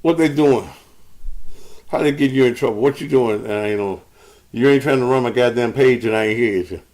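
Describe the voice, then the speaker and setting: A man's voice: mid-range voice, a little fast, darkish tone. A middle-aged man hosting a loose live talk, cursing and rambling while out of breath. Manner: loose, profane, rambling storytelling. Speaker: show host. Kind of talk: casual live talk to viewers.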